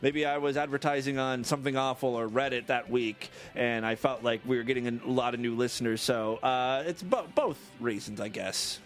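A man's voice: mid-range voice, moderate pace, few pauses, soft background music. A man hosting a comedy podcast, reading odd news stories with jokey asides and frequent laughs. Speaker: podcast host.

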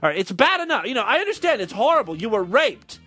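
Man, comedy host, high voice, lively swooping delivery, sarcastic and crude, reads news with blunt asides. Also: fast talker, husky, faint music behind. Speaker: podcast host.

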